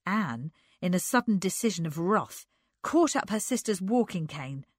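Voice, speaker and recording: A woman narrating a literary story aloud in an unhurried, expressive reading. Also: lowish voice, dry recording, clean studio sound.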